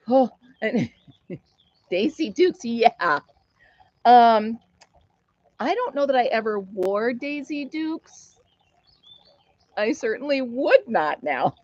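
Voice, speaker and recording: A woman's voice: on the high side, no room sound, dull audio. Giggly middle-aged woman hosting a live chat. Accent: American. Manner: giggly, laughs often while telling a story. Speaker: live stream host. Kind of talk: casual chat reading viewer comments.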